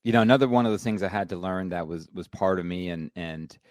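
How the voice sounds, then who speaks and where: A man's voice: low voice, fast, darkish tone, no echo. A middle-aged man speaking candidly and reflectively as a podcast guest, with lots of fillers. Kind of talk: casual interview chat.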